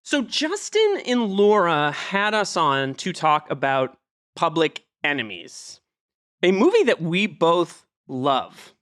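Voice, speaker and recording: A man from Massachusetts co-hosting a podcast in casual chat, joking and rambling with quick asides. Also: on the high side, wildly swooping pitch, fairly bright tone. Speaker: podcast co-host.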